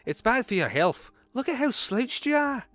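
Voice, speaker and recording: A man voicing a stern, nagging mother with a Scottish accent, shrill and scolding. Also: very animated, normal speed, a bit bright, dry recording, heavily acted.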